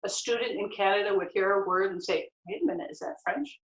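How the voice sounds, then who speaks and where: A woman's voice: mid-range voice, fast. A woman hosting a casual interview about language, upbeat and encouraging as she asks questions. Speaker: interview host. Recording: dull echoey room.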